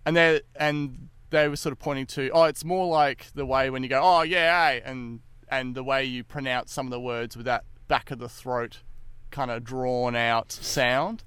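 Western Australian guy on a panel, smooth clear voice, dry close sound, chatty explainer. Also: mid-range voice, level tone, normal speed, a bit bright, dry recording. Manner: explanatory, with some filler words. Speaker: podcast guest. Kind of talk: casual roundtable chat.

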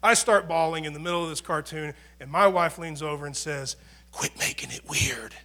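A middle-aged male pastor with a high, bright, forceful voice delivers a conversational sermon. He talks earnestly, punching some phrases loudly and dropping others to near-quiet asides. A faint electrical hum sits under the recording. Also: brisk. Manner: conversational, earnest, swings between loud emphasis and quiet asides.

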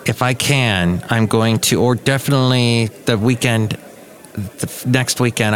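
A man's voice: fairly low pitch, fairly bright tone. A man hosting his own podcast, chatting casually in a goofy, joking, rambling way. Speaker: podcast host. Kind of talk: casual solo podcast chat.

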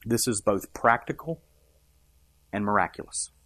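A man's voice: fairly low pitch, measured pace, sharp tone, slightly rough, no room sound. A man preaching a sermon, emphatic and rising and dropping for effect, asking the congregation questions. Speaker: pastor.

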